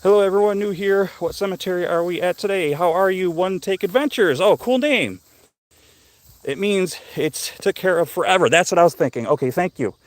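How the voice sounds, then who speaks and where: A man's voice: high-pitched, fairly quick. A middle-aged man hosting a casual live stream while walking outdoors through a cemetery, slightly out of breath, rambling and curious as he chats with viewers.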